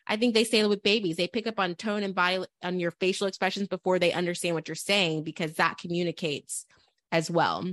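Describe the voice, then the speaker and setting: Young mom co-host, animated and chatty, filler-heavy storyteller, dead-dry mic. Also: female voice, on the low side, dry recording. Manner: animated storyteller, quick asides, many "like"s. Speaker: podcast co-host, mother. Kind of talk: casual chat.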